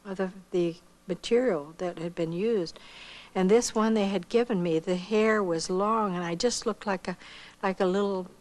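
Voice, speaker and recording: In a low-quality recording, an older woman tells a personal story at a middle pitch. She speaks slowly and folksily, pausing here and there and hesitating gently as the details come back to her.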